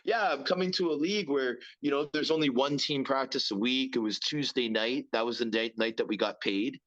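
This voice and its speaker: A man's voice: medium pitch, brisk, fairly bright tone. A man in his thirties chats as a guest about his hockey career. He rambles, stumbles over repeated words and leans on fillers. The recording sounds dull and lo-fi. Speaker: guest, former pro hockey player. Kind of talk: casual interview chat.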